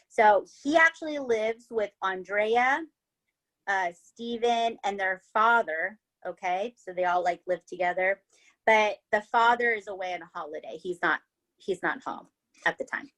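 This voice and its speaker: A woman's voice: mid-range voice, unhurried, fairly bright tone. Woman podcast host with a mid-range voice, chatty and casual, who swears as she spins a true-crime tale. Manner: chatty, swears, tags lines with "right?" and "okay?".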